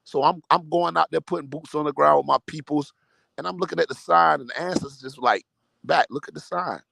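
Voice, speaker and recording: A man's voice: on the high side, fairly even intonation, fast, creaky, bright, forceful tone, dry recording. A man in casual group discussion, talking loosely in slang and building long metaphors. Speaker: truck driver and caller.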